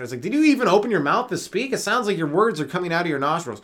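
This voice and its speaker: Rambling sleepless Canadian comic. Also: male voice, high-pitched, very animated, quick pace, hardly any pauses, fairly bright tone. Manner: loose, rambling, swears often, laughs at own jokes. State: sleep-deprived. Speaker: comedian podcast host. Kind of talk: rambling solo comedy podcast.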